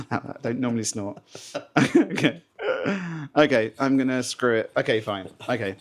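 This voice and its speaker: A man's voice: medium pitch, fairly quick. Chatty, rambling male podcast host. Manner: rambling, self-conscious and chatty. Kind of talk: casual podcast interview chat. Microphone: remote call setup with headphones.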